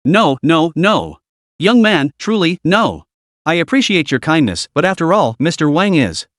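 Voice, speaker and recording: A flustered middle-aged worker who stammers and falls over his thanks, as a male narrator puts him on. The voice rises and falls in a lively way, and the recording is dry and close. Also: a little high, unhurried, no room sound. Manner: hesitant, stammering.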